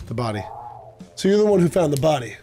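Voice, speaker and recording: A man voicing a gruff, impatient male cat detective in a film noir game, questioning in curt, dry lines over faint music. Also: on the high side, sing-song, fast, warm tone.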